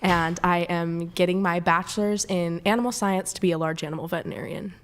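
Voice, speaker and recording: A woman in her early twenties from California, voice slightly low, introduces herself in a friendly, plain way. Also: steady tone, fairly quick, slight background noise. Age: 20s.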